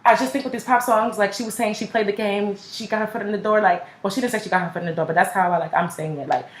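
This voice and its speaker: A woman's voice: mid-range voice, steady tone, fast talker. A young woman chatting casually in a music reaction video, gushing and filling every sentence with "like" and slang. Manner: gushing, heavy use of "like" and slang. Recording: echoey room.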